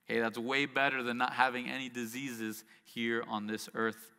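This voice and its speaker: A man's voice: mid-range voice, little pitch movement, normal speed, pushed and bright, clean tone, in a large hall. A man preaching a sermon as pastor, reading scripture and adding conversational asides and rhetorical questions.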